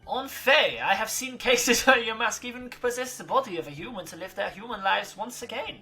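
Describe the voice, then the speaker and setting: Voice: mid-range voice, lively intonation, pushed and bright, soft background music, pitched above the performer's own voice. A gamer voicing a flamboyant French woman teacher with a put-on French accent and theatrical delivery. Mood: musing. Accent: fake French. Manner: theatrical, dramatic pauses.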